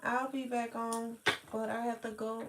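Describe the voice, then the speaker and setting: A tired, sleepy woman hosting a late-night livestream, chatting slowly with viewers in a rambling, drawling way, sighing and yawning. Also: a little high, little pitch movement, very noisy. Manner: slow, drawling, rambling talk with sighs and yawns. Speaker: livestream host.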